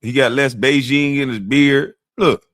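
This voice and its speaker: A man's voice: medium pitch, steady tone, a little slow, a bit bright. A man ranting casually on his vlog, mocking and profane, often laughing. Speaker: vlogger and commentator.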